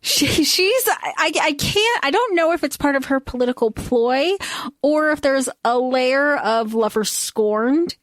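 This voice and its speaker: A woman co-hosting a podcast, casually retelling a film's plot and acting out the characters' lines in quick voices. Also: high-pitched, animated, no echo, studio quality. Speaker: podcast co-host. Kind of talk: casual chat recapping a film.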